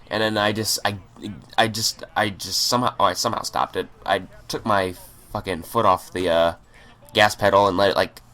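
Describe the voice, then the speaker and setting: A gaming channel host tells a rambling, profane story over gameplay, stammering and restarting his sentences. His voice is lowish and a bit bright.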